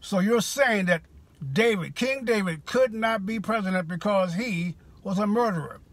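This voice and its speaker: Male political commentator, fervent and preachy, husky, dry close sound. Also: high voice, normal speed, no room sound. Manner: preachy, rousing, rhetorical questions. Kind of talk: direct-to-camera political monologue.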